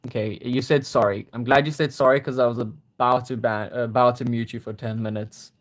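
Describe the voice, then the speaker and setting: A young man hosting a casual livestream, reading viewer comments and gently encouraging them. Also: mid-range voice, steady tone, fairly quick. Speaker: livestream host.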